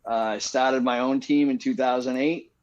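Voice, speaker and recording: Massachusetts guest, matter-of-fact and relaxed, dull remote audio. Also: male voice, mid-range voice, normal speed. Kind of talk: casual chat.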